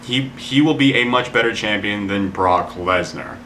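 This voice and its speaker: A man's voice: fairly low pitch, moderate pace. A man giving casual spoken predictions as a video blogger, rambling and opinionated, full of "like" fillers and the odd curse. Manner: opinionated, swears in frustration.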